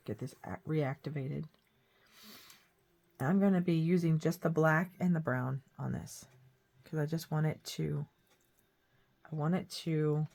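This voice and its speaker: Woman w a cold, low husky voice, chatty craft vlog, kinda rambly. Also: mellow. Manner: chatty, rambling, self-deprecating. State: has a cold, hoarse throat. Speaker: craft vlogger. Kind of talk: casual painting tutorial chat.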